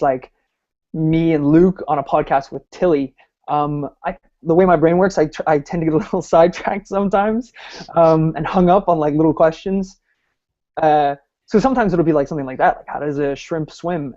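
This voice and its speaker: A man's voice: fairly high pitch, dark tone, highs cut off. A man from Ireland, a guest on a podcast, chatting in a rambling, self-deprecating way with lots of fillers. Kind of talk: casual podcast chat.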